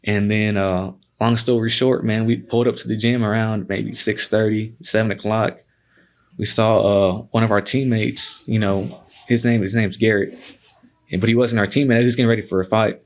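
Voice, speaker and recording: A man with a lowish, even voice talks at a normal pace. He's an MMA fighter appearing as a guest, telling stories in a relaxed, offhand way and scattering "man" and swear words throughout.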